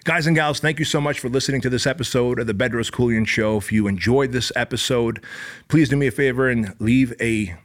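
A middle-aged man hosting his own podcast, delivering a motivational monologue. He swears freely and preaches with intensity, his pitch sitting in an ordinary middle range. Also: fairly quick. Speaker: podcast host.

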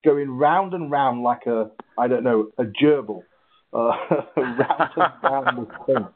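A husky-voiced man telling his story in an interview, animated, with halting restarts. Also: mid-range voice. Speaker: guest, ultra runner. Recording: tinny phone-like line.

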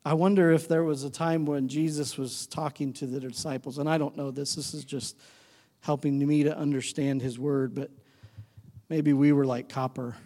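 This pastor's sermon comes at a moderate pace in a warm, level voice, echoing through a reverberant hall. Speaking conversationally, he questions the congregation and shifts pitch to act out the voices he quotes.

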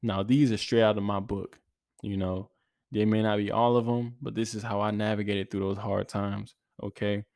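Earnest young man, low flat voice. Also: normal speed, creaky, dry recording, studio quality. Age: 20s. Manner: earnest, repetitive, slangy, many restarts. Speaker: podcast host. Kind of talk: casual motivational monologue.

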